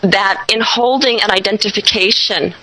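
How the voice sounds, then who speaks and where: A woman hosting an interview, telling a story in an animated way and laughing often. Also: mid-range voice, normal speed, low-quality recording. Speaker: host.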